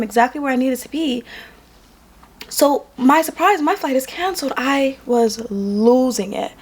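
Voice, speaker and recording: Woman, tired, higher-pitched voice, casual to-camera storytelling, emphatic repeats. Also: measured pace, breathy edge. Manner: emphatic, repeats lines for effect. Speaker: vlogger and makeup artist.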